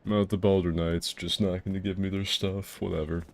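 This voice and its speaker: Deep-voiced joking gamer from Florida. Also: male voice, flat delivery, normal speed, a little mellow, soft background music. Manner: rambling, crude joking. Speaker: gaming video host. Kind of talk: casual gameplay commentary.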